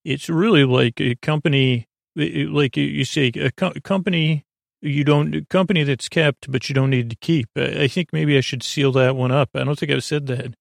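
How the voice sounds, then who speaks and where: A man hosting a sleep podcast, talking in a slow, lulling, rambling way with lots of fillers, restarts and pointless tangents. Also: fairly high pitch, fairly even intonation, no echo, clean studio sound. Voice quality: creaky, dulcet tones. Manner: slow, drowsy, lulling delivery. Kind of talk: rambling bedtime monologue.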